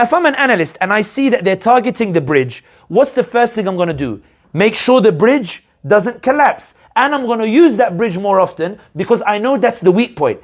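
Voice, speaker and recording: A political analyst speaking to an audience, telling stories and asking rhetorical questions in a lively, animated way. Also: male voice, sits high. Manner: animated storyteller, acts out quoted voices, rhetorical questions. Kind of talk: speech to an audience.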